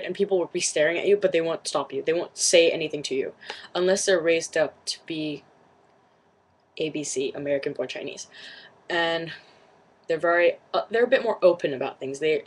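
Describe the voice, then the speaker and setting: A woman's voice: sits low, breathy edge, rough recording. A young woman vlogger whose first language is Cantonese, retelling something to camera in casual chat, rambling and shaken, with many fillers and restarts.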